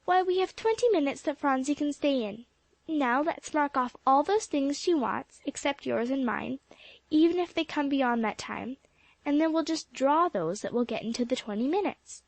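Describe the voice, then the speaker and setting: Eager good-humoured boy, voiced by a woman for a storybook; a little high, close and dry. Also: lively intonation, normal speed, creaky, a little mellow, no echo. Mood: brisk. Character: eager cheerful boy Jasper.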